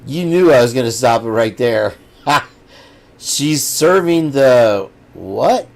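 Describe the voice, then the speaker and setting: A man's voice: medium pitch, animated, slow pace, vocal fry. Rambling man hosting a live chat. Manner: rambling, thinks aloud. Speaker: livestream host. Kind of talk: casual live chat with viewers.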